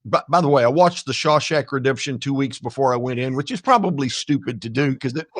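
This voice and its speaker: A man's voice: medium pitch, a little fast, no room sound, clean studio sound. An older man, a podcast guest, telling a personal story with jokey, blunt asides to the listeners. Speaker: guest, ethics speaker.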